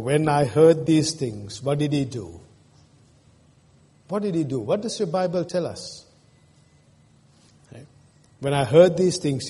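A man's voice: medium pitch, darkish tone, slightly rough. A man preaching a sermon as pastor, earnest and emotional, asking his congregation questions. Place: church. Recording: long reverb in a church hall.

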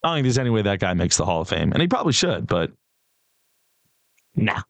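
A man's voice: fairly low pitch, very animated, quick pace, vocal fry, dry recording. A male sports radio host, chatting casually and opinionatedly, talking straight to his listeners. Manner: opinionated, conversational, addresses listeners directly.

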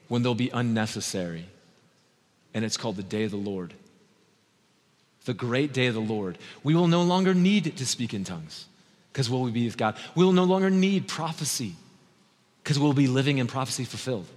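Male pastor, 30s, fervent sermon delivery, dips quiet then climbs loud, long church reverb. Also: animated. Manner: impassioned, swings from soft and slow to loud and high.

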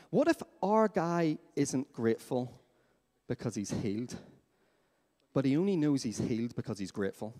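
A man preaching a sermon as pastor in a church, lively and questioning his congregation. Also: medium pitch, a little slow. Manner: animated, asks the congregation questions. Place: church hall. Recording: long hall reverb.

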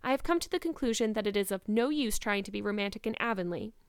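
A woman voicing an imaginative teenage girl, earnest and emphatic, sometimes quick and cold. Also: mid-range voice, lively intonation, clean tone, no room sound, studio quality, lightly acted.

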